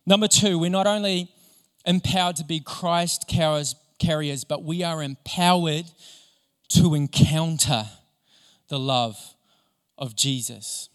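A young adult man preaching a sermon, telling stories in an animated, enthusiastic way. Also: fairly high pitch, takes it slowly, clear, resonant tone. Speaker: pastor. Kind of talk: sermon with storytelling. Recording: long hall reverb.

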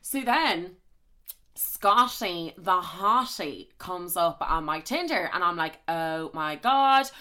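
A young Irish woman hosting a podcast, telling a story in a rambling, animated way full of swearing and asides, close on the mic. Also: fairly low pitch, takes it slowly. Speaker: podcast host. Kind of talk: casual storytelling chat. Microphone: close studio mic with popping.

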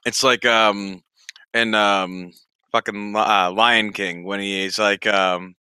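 A man chatting casually as a tabletop game player, rambling and hesitant in quick bursts. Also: fairly low pitch, steady tone, pushed and bright, clear, resonant tone, no echo. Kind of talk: casual chat between players.

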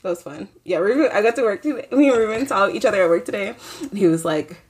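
A woman's voice: medium pitch, lively intonation, fast talker, darkish tone, husky. A young woman in casual chat, telling her side of the story in a brash, profane way and laughing.

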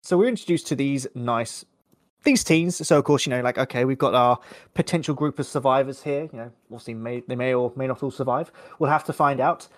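A man's voice: mid-range voice, a little fast. A young man co-hosting a podcast, chatting casually and rambling through a film review. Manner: rambling, self-correcting, chatty. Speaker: podcast co-host.

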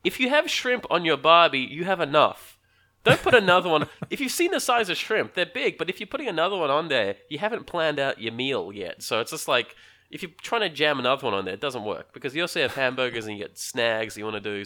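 An Australian man talks as a podcast guest, animated and joking, often breaking into laughs. His voice is bright and forward, and his pitch swings a lot as he talks. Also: brisk. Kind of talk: casual podcast chat.

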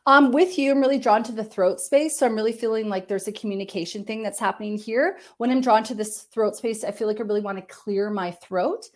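A woman working as a medium, giving a gentle, meandering psychic reading on a live stream, with many fillers and hedges. She speaks into a computer. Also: mid-range voice, fairly even intonation, a little fast, hardly any pauses.

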